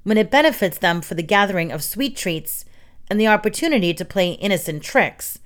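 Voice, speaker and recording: A woman's voice: mid-range voice, lively intonation, fairly quick, a bit bright, lightly acted. A sly talking coyote from a storybook, played by a woman reading aloud. He speaks in a wry, lecturing manner about humans.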